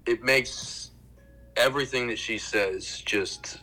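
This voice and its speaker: A man's voice: mid-range voice, takes it slowly, music in the background, poor audio. A man co-hosting a podcast in casual chat, telling a story in a laid-back way. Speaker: podcast co-host.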